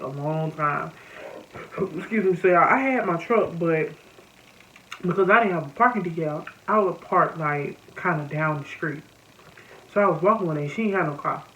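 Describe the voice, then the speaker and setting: A young woman with a Southern American accent, vlogging a casual storytime and talking straight to her viewers. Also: on the low side. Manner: animated, addresses viewers as y'all. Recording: slightly muffled with faint noise.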